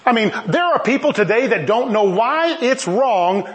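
A man preaching a sermon in an animated, emphatic way, with laughing asides. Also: extremely high pitch, normal speed.

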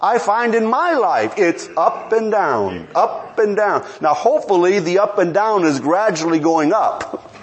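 Animated male preacher with a high voice who questions his congregation and chuckles as he speaks. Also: measured pace. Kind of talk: sermon.

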